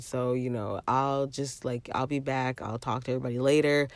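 A woman's voice: rumbling low, fairly even intonation, moderate pace, hardly any pauses, dry recording. A woman in her thirties telling a rambling story to her viewers in a casual vlog, repeating phrases and often calling out to them directly. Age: 30s. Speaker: vlogger.

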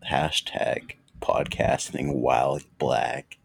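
A man with an extremely deep, gravelly voice co-hosts a relaxed podcast, speaking slowly and laughing often. He swears casually and keeps many replies short. The recording is dry and close-miked. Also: no echo. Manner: laid-back, laughs a lot, swears, terse replies. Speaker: podcast co-host. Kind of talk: casual chat.

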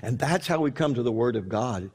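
A man's voice: medium pitch, lively intonation, a little fast, darkish tone, breathy edge. A man preaching a sermon in an earnest, conversational way, often restarting his sentences.

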